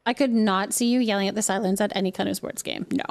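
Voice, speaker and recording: A woman's voice: medium pitch, steady tone, fast talker. A woman in her thirties, a mother, chatting casually with her viewers on a live stream while she plays a game, laughing often. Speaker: livestreamer and mother.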